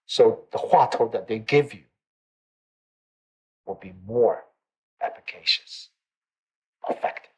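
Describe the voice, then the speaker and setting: A man's voice: on the low side, takes it slowly, pauses often, breathy edge, low-quality recording. A man teaching a meditation class in a conversational way, often checking in with his listeners and repeating phrases for emphasis. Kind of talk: dharma talk to a class.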